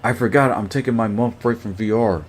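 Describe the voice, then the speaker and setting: A man's voice: medium pitch, a little fast. A man chatting casually on a livestream, greeting viewers by name and rambling with lots of fillers.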